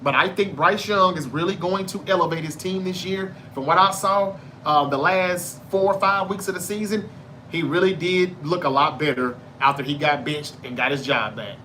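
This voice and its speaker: A man with a Southern Mississippi drawl chats loosely through a live sports stream, reading viewer comments aloud and answering each one. His voice sits a bit high and comes across bright and forceful. A faint hum of room ambience runs underneath. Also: moderate pace. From North Mississippi, US. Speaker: podcast host reading live chat. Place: home in Memphis, Tennessee.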